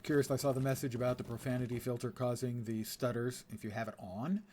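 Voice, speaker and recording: A man's voice: medium pitch, fairly even intonation, fast, darkish tone, slight background noise. An older man giving rambling, wry live commentary while he plays a game. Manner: wry, rambling, self-mocking asides. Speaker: game streamer.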